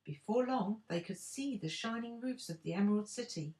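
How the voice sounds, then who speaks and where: An older woman, a grandmother, reading a storybook aloud in an expressive, unhurried way. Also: medium pitch.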